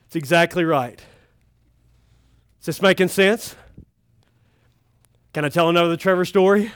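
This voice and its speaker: A man's voice: high voice, measured pace, fairly bright tone, clean tone, dry recording. A middle-aged man, a pastor, telling funny family stories in a folksy camp sermon. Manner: folksy and humorous, acting out a child's cries.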